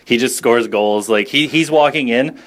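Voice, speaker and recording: A man co-hosting a casual podcast chat, joking and animated, often laughing between quick asides. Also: mid-range voice, a little hiss or hum. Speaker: podcast co-host.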